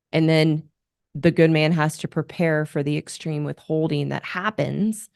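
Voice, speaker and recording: Low-voiced woman coaching earnestly. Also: steady tone, normal speed, creaky, darkish tone, no echo, studio quality. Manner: earnest, instructive, with frequent restarts. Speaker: marriage coach. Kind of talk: solo advice monologue.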